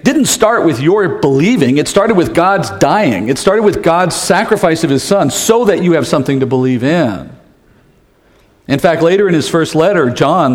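A man preaching in a reverberant church, his slightly high voice ringing out into the hall. He keeps it conversational, asking the congregation questions and tossing in the odd joke. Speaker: pastor. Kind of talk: sermon.

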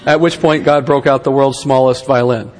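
A man's voice: mid-range voice, fairly even intonation, normal speed, long reverb tail. A man giving a conversational Bible lesson, with rhetorical questions and wry asides. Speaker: Bible teacher.

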